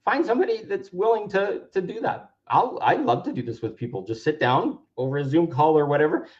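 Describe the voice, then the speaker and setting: A man's voice: on the high side, expressive, a little fast. A man giving an earnest, reflective self-help talk, now and then acting out what people say. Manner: earnest, acts out quoted voices. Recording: dull lo-fi sound.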